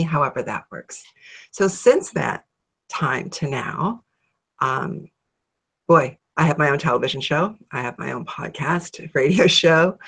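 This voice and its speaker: A middle-aged woman from Ohio, a guest in an interview, telling her story in a lively way and acting out her own thoughts. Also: sits low, breathy edge. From Ohio, USA. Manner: animated, acts out her own thoughts in a raised voice.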